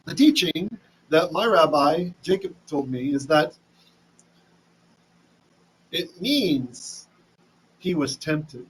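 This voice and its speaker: A man's voice: fairly high pitch, a bit bright, slightly rough, poor audio. Chatty man teaching Bible verses. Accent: Ashkenazi Hebrew reading. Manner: chatty, many restarts, asks "right?". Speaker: Torah teacher. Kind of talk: casual Bible lesson.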